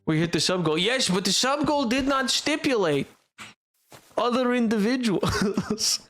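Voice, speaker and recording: With a very high, animated voice and a fairly bright tone, a young man streams and banters with his chat at a measured pace. He rambles, cracks jokes, and keeps cutting himself off with fillers, while soft music plays in the background.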